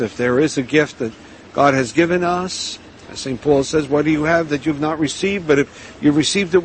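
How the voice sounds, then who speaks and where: A man preaching, earnest and measured, urging listeners to humility. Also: mid-range voice, slight background noise, poor audio. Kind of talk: sermon.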